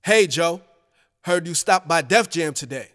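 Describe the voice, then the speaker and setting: A man voicing a father from the music business, sure of himself and given to lecturing his son. The delivery is slow, set in a long-reverberating space. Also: on the high side, expressive, a bit bright. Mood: assured.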